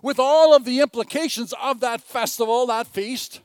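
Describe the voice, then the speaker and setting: A man preaching with a fairly high voice, earnest and dynamic. He rises to loud, stressed phrases and drops to near-hushed asides, restarting phrases as he teaches. The sound is dry and close, with no room echo. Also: moderate pace, clean tone. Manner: earnest, swings from loud emphasis to quiet asides. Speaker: pastor. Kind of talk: sermon.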